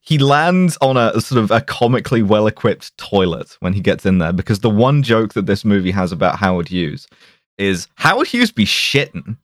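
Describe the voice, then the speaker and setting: A man's voice: lowish voice, moderate pace, dry recording, studio quality. A man hosting a podcast, recapping a film in a casual, sweary way and acting out quotes. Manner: animated, sweary, acts out quotes in silly voices. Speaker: podcast host.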